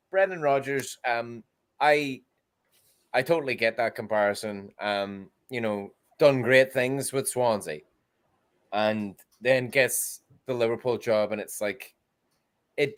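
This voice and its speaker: A man co-hosting a football podcast, talking casually in a halting way with many restarts. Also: medium pitch. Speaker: podcast co-host.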